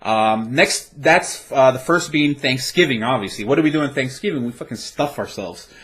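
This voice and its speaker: A man's voice: medium pitch, moderate pace, fairly bright tone. Man, co-host, casual chat, profane, rambling. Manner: rambling, profane, with many restarts. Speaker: podcast co-host.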